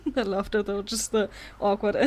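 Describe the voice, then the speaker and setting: A woman's voice: medium pitch, takes it slowly, warm tone, a little hiss or hum. A woman with a mid-range voice co-hosts a casual art podcast. She teases her co-host and jokes around, laughing easily as she talks. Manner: teasing, playful, laughs often. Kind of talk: casual chat.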